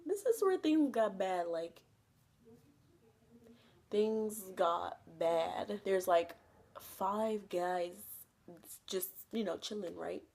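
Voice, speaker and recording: A woman's voice: expressive, very slow, creaky, long pauses, a little mellow. Chatty young woman, "like"-heavy storytelling. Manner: chatty, fills with "like" constantly, laughs often; acts out quoted people with jumps in pitch. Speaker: vlogger. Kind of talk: casual storytime.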